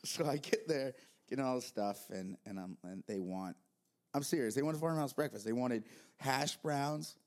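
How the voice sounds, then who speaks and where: A man, a worship leader and youth director co-hosting a church podcast, telling stories in an animated, self-mocking way. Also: mid-range voice, normal speed. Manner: animated storyteller, jokey, laughs at himself. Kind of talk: casual church podcast chat.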